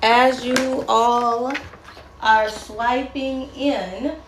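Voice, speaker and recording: A woman's voice: on the high side, steady tone, very slow. A woman reading tarot cards on a live stream, chatty and giggly, calling her viewers darling and using slang, over noisy background hiss. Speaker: tarot reader.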